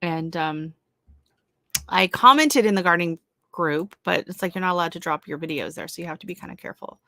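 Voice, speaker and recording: A woman's voice: lowish voice, brisk, pushed and bright, dry recording. A middle-aged woman from Canada chatting on her own livestream, rambling with fillers and restarts as she reads comments. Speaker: channel host on a livestream. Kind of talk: casual livestream chat reading comments.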